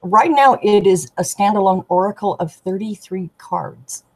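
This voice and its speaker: A woman, a tarot deck artist, chatting as a guest and telling animated stories, acting out the people she quotes. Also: medium pitch, unhurried, low-quality recording. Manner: animated storyteller, giggly, acts out quoted voices. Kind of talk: casual storytelling chat.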